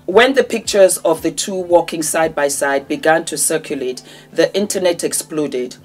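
A woman's voice: sits low, moderate pace, a little mellow, soft background music. A woman of Gambian and Nigerian heritage hosting a celebrity gossip channel, chatting bubbly to camera, laughing often, and reading news items aloud. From half Gambian, half Nigerian. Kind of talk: casual chat to camera.

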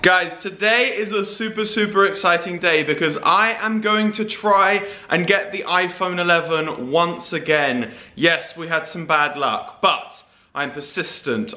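A young man from England, chatting casually to camera in an excitable, playful vlog. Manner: excitable, playful, swings between loud and low. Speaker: vlogger.

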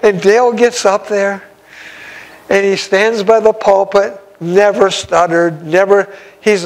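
A man's voice: high-pitched, steady tone, takes it slowly, low-quality recording. A man, an evangelist, telling a story in a sermon in a folksy, exclamatory way with frequent chuckles.

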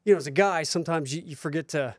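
A man with a fairly high voice tells casual, self-mocking anecdotes as a guest on a talk show. His delivery is animated and chatty. The recording is close and dry, with no room sound. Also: fast, no echo. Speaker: guest actor turned real estate investor.

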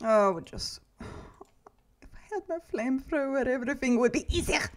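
High, lively woman gaming and swearing. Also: moderate pace, very noisy. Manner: swearing, flustered, chanting "nope" in streaks. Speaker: gaming video creator. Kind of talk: casual let's-play commentary.

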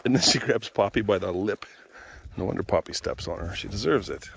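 A man vlogging outdoors on a walk with a handheld camera, calling out loudly in a high sing-song and chatting quietly in between. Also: lively intonation, a little fast, vocal fry, slight background noise. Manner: calls dogs in a loud high sing-song, chats softly between. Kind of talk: casual vlog commentary.

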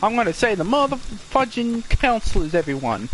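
Man, gameplay commentary, excitable, swearing, shouting, unhurried. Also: high-pitched, slight background noise. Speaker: gamer.

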